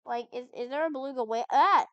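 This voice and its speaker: A woman's voice: high voice, lively intonation, moderate pace, dry recording, highs cut off. A woman giving chatty let's-play commentary, puzzled and talking back to the game as she plays. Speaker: gamer.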